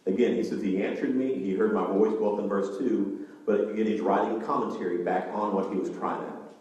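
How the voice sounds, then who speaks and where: A man preaching with real animation, his voice jumping up for emphasis and then dropping low and quiet. He is recorded from a distance in a big church hall, and the sound rings with long, echoing reverb. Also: steady tone, brisk, dull audio. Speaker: pastor. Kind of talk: sermon. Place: church sanctuary.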